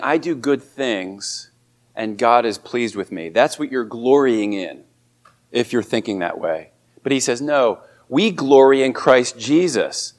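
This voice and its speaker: Man preaching an earnest sermon. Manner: earnest, rises in pitch and volume on emphatic quotes. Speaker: pastor.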